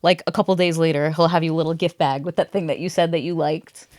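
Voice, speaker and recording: A woman's voice: low voice, steady tone, fast, darkish tone, dry recording. A woman in her twenties hosting a podcast, telling a dating story in casual chat and acting out the people she quotes. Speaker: podcast host.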